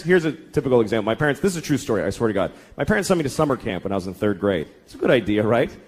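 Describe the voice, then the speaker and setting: A man's voice: mid-range voice, rapid-fire, few pauses, a little hiss or hum. A man doing a profane, exasperated stand-up rant on a live comedy stage. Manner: profane, exasperated, animated ranting. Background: faint audience laughter.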